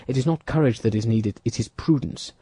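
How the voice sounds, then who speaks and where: A man reading an audiobook, voicing a shrewd young musketeer who gives brisk commands. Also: mid-range voice, dark tone, slightly rough, no echo, natural voice.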